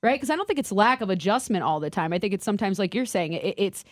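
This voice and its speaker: A woman's voice: medium pitch, lively intonation, dry recording, clean studio sound. Teasing female sports talk co-host. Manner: quick, teasing, analytical.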